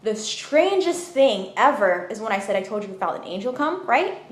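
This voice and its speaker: Woman, casual testimony, emphatic and chatty, slightly high voice, roomy echo. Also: moderate pace. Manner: animated, emphatic, many fillers like "you know what I mean". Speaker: storyteller. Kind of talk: personal testimony, casual storytelling.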